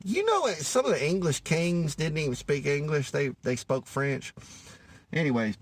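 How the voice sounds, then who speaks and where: Man, cajun accent, rambling comedy monologue, cussing, folksy y'all talk, slightly high voice. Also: sing-song, moderate pace, breathy edge. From Louisiana. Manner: rambling, profane, loses his thread, says anyways a lot; folksy, calls listeners y'all.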